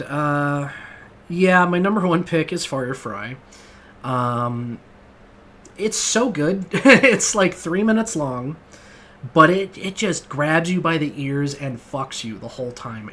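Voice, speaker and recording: A man's voice: medium pitch, a bit bright, a little hiss or hum. Rambling, profane man gushing about music. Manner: rambling, profane and enthusiastic, many fillers. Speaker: music podcast host. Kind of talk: casual album review monologue.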